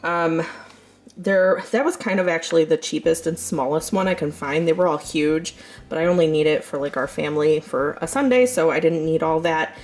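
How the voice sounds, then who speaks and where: A woman in her thirties with a Southern US accent rambles casually through a grocery haul for her vlog, using lots of fillers. Her voice is low and darkish in tone, and she talks at a normal speed.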